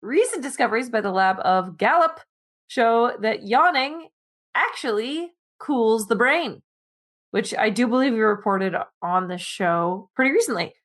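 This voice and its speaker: A woman's voice: fairly high pitch, animated, unhurried, fairly bright tone. A woman co-hosting a casual science podcast, explaining a study in a chatty way with asides, while sleepy and yawning. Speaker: podcast co-host presenting animal news.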